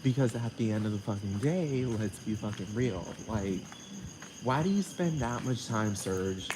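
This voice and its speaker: A man's voice: fairly low pitch, lively intonation, unhurried. A man ranting to camera in a sassy, heavily profane way and laughing often, outdoors at night. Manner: sassy, heavy swearing, frequent laughter. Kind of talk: casual profane rant to camera. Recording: noisy background with crickets.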